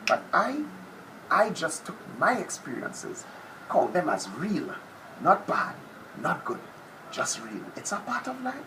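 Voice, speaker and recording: A man doing an impression of a brash, boastful male TV personality, with a theatrical, drawn-out delivery that drops to whispers. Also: high-pitched, wildly swooping pitch, heavily acted. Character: brash boastful male TV personality, self-proclaimed top predator. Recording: noisy background ambience.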